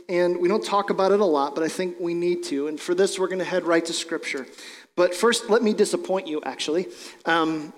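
A man's voice: sits high, long reverb tail. A man preaching a sermon as a pastor, explaining scripture in a conversational way with casual asides.

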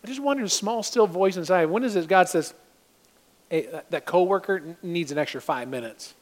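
Pastor guy preaching, high voice, lively, acts out bits. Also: brisk. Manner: animated, acts out scenes in voices. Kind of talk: sermon.

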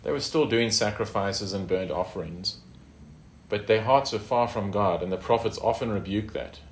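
A man's voice: fairly low pitch, normal speed, reverberant, slight background noise. A man teaching a Bible study in a conversational way, with fillers and tag questions.

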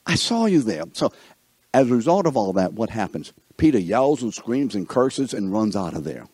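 A man's voice: on the low side, normal speed, slightly rough, no echo. A man teaching a Bible lesson and asking his class questions. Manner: animated, asks the class questions.

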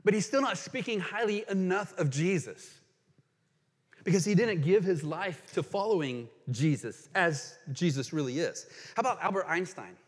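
A man preaching a sermon as pastor, earnest and emphatic, reading quotations aloud and pausing to explain them. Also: high voice, lively intonation, husky. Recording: long hall reverb.

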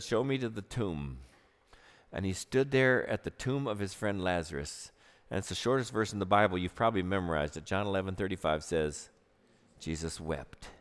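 A man preaching a sermon, telling stories earnestly, moving between loud and hushed delivery. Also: medium pitch. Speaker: pastor. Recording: long hall reverb.

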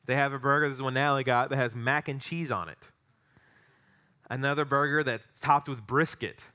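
A middle-aged man preaching a sermon, telling a story with animated, excitable energy. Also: medium pitch, a little fast. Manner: storytelling, animated, rising to excited peaks in anecdotes. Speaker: pastor.

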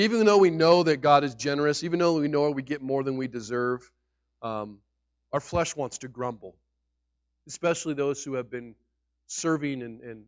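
A man preaching a sermon as pastor, emphatic, with sudden loud peaks on key words. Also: mid-range voice, no room sound. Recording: dull lo-fi recording.

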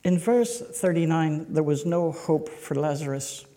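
Slow, emphatic preacher man. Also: a little high, dark tone. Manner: slow, emphatic, rhetorical questions to the congregation. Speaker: pastor. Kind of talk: sermon. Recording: echoey hall.

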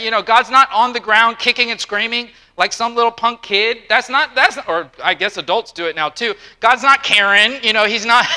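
Middle-aged preacher guy, high voice, real bright and forceful, keeps repeating words for emphasis. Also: normal speed, few pauses, low-quality recording. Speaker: pastor. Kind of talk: sermon.

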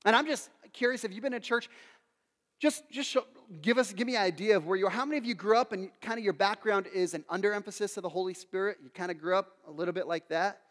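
A man preaching a sermon as pastor, telling stories with lively acted quotes and casual asides to the congregation. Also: high-pitched, fast. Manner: animated storytelling with acted quotes. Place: church hall. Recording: long hall reverb.

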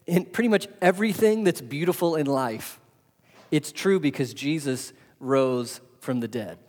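A man preaching a sermon as pastor, asking rhetorical questions and swinging between loud and soft. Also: a little high. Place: church hall. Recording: long hall reverb.

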